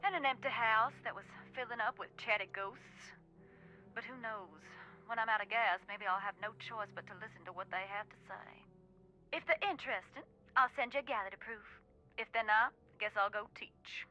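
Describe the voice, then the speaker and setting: A woman's voice: on the high side, normal speed, bright, forceful tone, low-quality recording. A woman voicing a dramatic Southern woman who talks with ghosts in a video game, with a drawling, old-fashioned delivery and a Southern accent. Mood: secretive.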